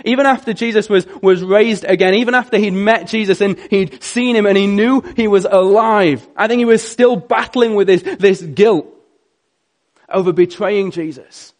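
A male preacher delivers an earnest storytelling sermon. His voice sits a little high for a man and swings from loud passages to hushed ones. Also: normal speed.

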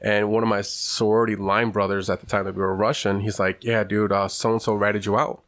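A young man casually telling a story in a podcast chat, animated and swearing often, acting out what people said. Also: fairly low pitch, fairly quick. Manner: animated, swears a lot, acts out quotes.

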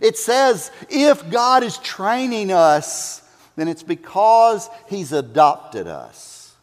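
A man's voice: high-pitched, sing-song, slow pace. A man preaching a sermon as pastor, who tells stories and builds to fervent, repeated exhortation. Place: church sanctuary. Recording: long hall reverb.

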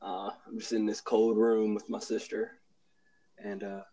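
A man's voice: on the low side, level tone, a little slow, warm tone, poor audio. A young man, a college student, hosting a casual podcast chat, keeping his voice down and laughing often. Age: young adult. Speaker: podcast host. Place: cold room at home.

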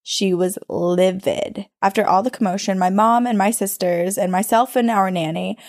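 Woman podcast co-host, gravelly edge, dry close mic, reads listener stories conversationally. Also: medium pitch, fairly quick, dry recording. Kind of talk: reading a listener's ghost story aloud.

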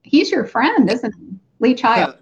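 A woman hosting a casual interview, chatty and giving quick back-channel responses. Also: a little high, very animated. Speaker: host. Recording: dull, muffled sound.

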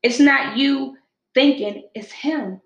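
Expressive woman telling her story. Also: high voice, takes it slowly, creaky, lo-fi sound. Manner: expressive storytelling, acts out quotes. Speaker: podcast host. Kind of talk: casual heartfelt chat. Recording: echoey room.

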